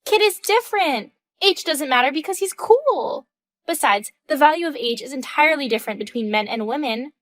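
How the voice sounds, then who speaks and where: Woman doing a smug bratty student girl, high and snotty, dry close sound. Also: expressive, brisk, a bit bright, no echo. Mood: haughty. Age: 20s. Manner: taunting, condescending. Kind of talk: scripted text-story reading.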